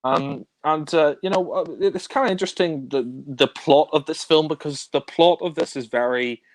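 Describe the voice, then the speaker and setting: A man's voice: fairly high pitch, normal speed, no room sound. A man casually reviewing spy films, rambling with many fillers and restarts. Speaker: film reviewer. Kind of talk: casual film discussion.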